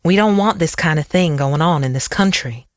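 A narrator playing a grizzled, tired old county sheriff in an audiobook, blunt and gruff with a bitter edge. The read is at a middle pitch and recorded dry, with no room sound. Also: moderate pace, no echo, natural voice. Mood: harsh. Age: older.

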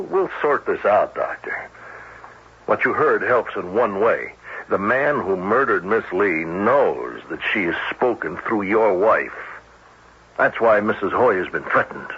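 An actor playing a skeptical police captain, questioning a witness in an old-time radio drama. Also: male voice, on the low side, breathy edge, full character voice. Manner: questioning, skeptical, brisk interrogation. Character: probing male police captain. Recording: dull old radio broadcast with faint hiss.

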